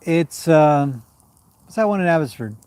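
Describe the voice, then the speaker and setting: A man's voice: fairly high pitch, lively intonation, unhurried, darkish tone, clean tone. A man from western Canada hosting a casual outdoor livestream, rambling between updates and reading viewer comments aloud. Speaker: livestream host. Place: outdoors by a fire at a horse farm.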